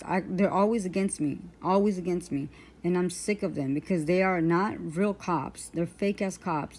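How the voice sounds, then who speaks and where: A woman's voice: fairly low pitch, darkish tone. A woman telling a personal story in a rambling, indignant way, full of fillers and restarts. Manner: aggrieved, indignant. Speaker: vlogger.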